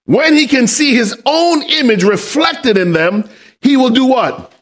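A man pastor preaching a sermon, asking the congregation questions and building up to shouted emphasis. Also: very high voice, lively intonation, unhurried. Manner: call-and-response questions to the congregation.

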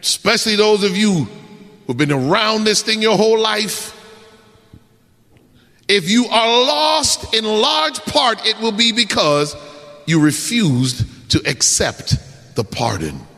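Male preacher, high and bright, dramatic storytelling sermon in an echoey church hall. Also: big pitch swings, slow. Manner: dramatic, swinging from shouts to hushed endings.

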